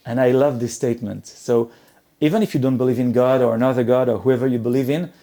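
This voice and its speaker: A middle-aged man speaks at a conference, telling his points in a halting way full of repeats and restarts. His voice is gravelly and dark, and his pitch sits in a middle range. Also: fairly even intonation. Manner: hesitant, many repeated words and restarts. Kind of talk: motivational conference talk.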